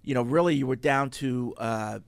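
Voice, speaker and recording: Gravelly-voiced male sports podcast host. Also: mid-range voice, moderate pace, dry recording. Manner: relaxed storytelling, trailing off with fillers. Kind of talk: casual sports talk.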